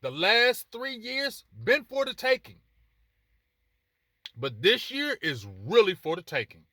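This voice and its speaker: A man's voice: high voice, very animated, slow pace, bright, forceful tone, no echo. A man hosting a sports talk show, speaking in a passionate, emphatic, repetitive way and addressing people directly. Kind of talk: casual sports commentary monologue.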